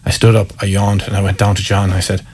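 A man's voice: on the low side, flat delivery, fast talker, darkish tone, a little hiss or hum. A man with an Irish accent, a former Gaelic footballer telling wry, candid stories in an interview. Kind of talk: casual storytelling interview.

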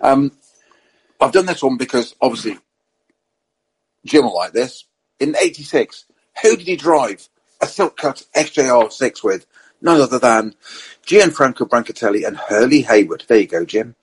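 A man's voice: medium pitch, moderate pace, long pauses, breathy edge, rough recording. A man telling racing anecdotes in a casual chat, quoting people as he goes. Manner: animated storyteller who quotes others in their own voice.

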